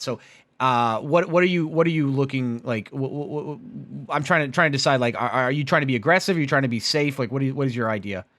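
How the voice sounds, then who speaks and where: A man hosting a live stream call-in show, excitable and rambling, with many restarts. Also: mid-range voice. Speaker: host.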